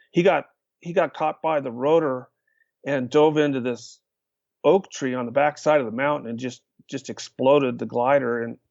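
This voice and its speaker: A man's voice: mid-range voice, vocal fry, no room sound. An older man telling stories as a podcast guest, acting out quotes with lots of uh fillers. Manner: lively storyteller, acts out quotes, many uh fillers. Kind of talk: storytelling in a podcast interview. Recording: dull lo-fi sound.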